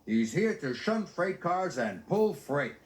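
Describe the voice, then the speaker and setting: A man's voice: fairly high pitch, big pitch swings, slow, a little hiss or hum, pitched above the performer's own voice. Sir Topham Hatt, read by a man. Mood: businesslike. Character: portly stern male railway boss.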